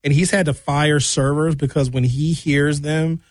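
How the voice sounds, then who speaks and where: A man's voice: on the high side, steady tone, measured pace, dry recording, studio quality. Emphatic, sarcastic male ranter. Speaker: commentator. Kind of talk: ranting monologue.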